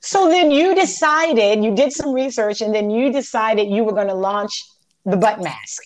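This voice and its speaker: A woman's voice: a little high, moderate pace, no room sound. A woman hosting a casual interview who teases her guest playfully, with lots of exclamations. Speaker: interview host.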